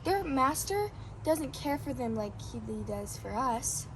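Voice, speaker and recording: A woman's voice: sits high, very animated, measured pace, fairly bright tone, slight background noise, heavily acted. A woman voicing a caring, tender-hearted sheep who asks eager questions, in an amateur scripture drama. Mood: worried.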